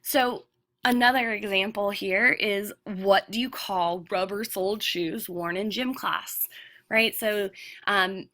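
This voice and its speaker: A woman's voice: mid-range voice, steady tone, slow pace, fairly bright tone. A woman teacher giving a recorded lecture, explaining step by step with frequent ums and asking "right?".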